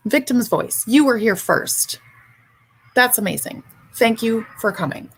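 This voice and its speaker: A woman's voice: on the high side, lively intonation, a little slow, slightly rough. A woman hosting a livestream, ranting bluntly and sarcastically with frequent swearing. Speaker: livestream host.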